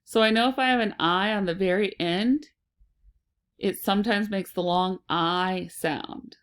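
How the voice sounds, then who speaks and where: A woman teaching a phonics lesson to children, sounding out and repeating words slowly and deliberately. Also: medium pitch, clear, resonant tone.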